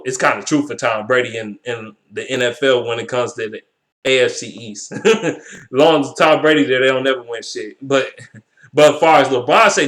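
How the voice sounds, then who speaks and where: A man's voice: medium pitch, a bit bright. A young man ranting heatedly about basketball as a sports vlogger, swearing and repeating himself. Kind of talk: profane sports rant.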